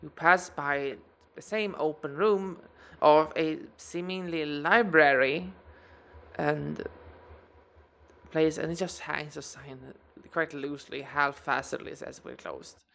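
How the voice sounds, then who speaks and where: Slow, gravelly woman game master. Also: low-pitched, a bit bright. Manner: slow, halting descriptive narration. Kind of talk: narrating a tabletop game.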